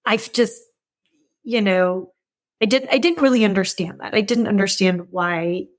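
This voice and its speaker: A woman's voice: medium pitch, measured pace. A middle-aged woman, a podcast guest, speaking earnestly and candidly about loss, often repeating herself as she searches for words. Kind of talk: candid conversation about grief.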